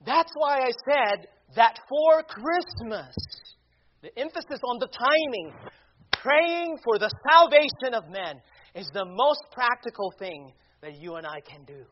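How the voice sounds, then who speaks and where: A man preaching a sermon, deliberate and emphatic, asking rhetorical questions. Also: very high voice, expressive, a little hiss or hum. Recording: dull lo-fi recording.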